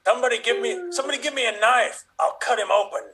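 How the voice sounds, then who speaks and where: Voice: medium pitch, expressive, fast, fairly bright tone, slight background noise. Performer doing a brash Australian croc hunter. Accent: Australian, put on. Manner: blunt, brash, jokey. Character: injured Australian crocodile hunter, blunt man. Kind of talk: improv comedy scene.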